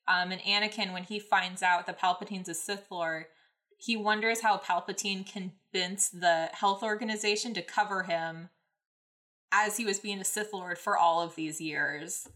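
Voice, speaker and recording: A woman hosts a podcast and recaps a story in a loose, rambling way, full of fillers. Her voice is bright and forward. She keeps it casual and chatty. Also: mid-range voice. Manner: rambling, many ums and likes, laughing. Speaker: podcast host. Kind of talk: casual fanfic recap and reading.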